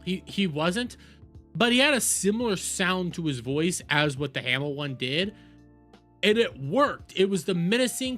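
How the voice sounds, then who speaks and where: A man's voice: sits high, sharp tone. A young adult man giving profane, rambling reaction commentary as a video host.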